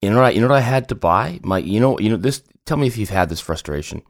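A man's voice: on the low side, lively intonation, fast, dry recording, clean studio sound. A man co-hosting a podcast in casual, joking banter, his voice groggy and worn from early morning. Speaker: podcast co-host.

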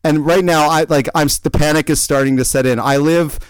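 Smooth-voiced man telling a rambling story. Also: fairly high pitch, fairly quick, dry recording. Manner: animated rambling storyteller, frequent restarts. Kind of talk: casual chat, personal anecdote.

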